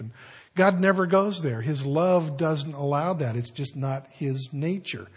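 A man's voice: a little high, moderate pace, slightly rough. An older man, a pastor, preaching a sermon to his congregation with folksy storytelling and conversational asides.

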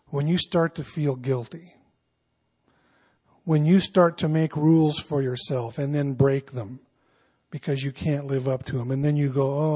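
A man's voice: a little high, warm tone, slightly rough. A man preaching a sermon in an informal, earnest way, with emphatic asides to his listeners. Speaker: pastor. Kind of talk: conversational sermon.

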